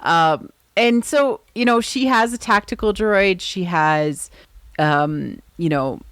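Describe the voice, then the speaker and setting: Woman host with a low voice, chatty and enthusiastic; dry, close podcast mic. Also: takes it slowly, no room sound. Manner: rambling, enthusiastic recaps with many fillers. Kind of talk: casual chat.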